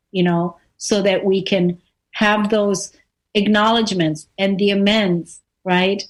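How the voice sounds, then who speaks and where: A woman hosting a radio talk show, speaking earnestly in a loose, rambling way, with many fillers and repeated phrases. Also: medium pitch. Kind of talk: casual conversation.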